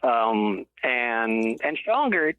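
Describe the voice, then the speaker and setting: A man's voice: medium pitch, very animated, very slow, no echo. A man talks over a tinny phone line, his voice thin and dry with no room sound around it. He is a guest author telling a long story in a rambling way. He keeps stopping to correct himself before going on. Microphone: telephone.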